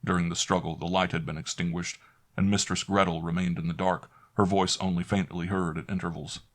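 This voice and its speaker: A man narrating a classic horror story in first person, measured and dramatic. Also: sits low, little pitch movement, fairly bright tone.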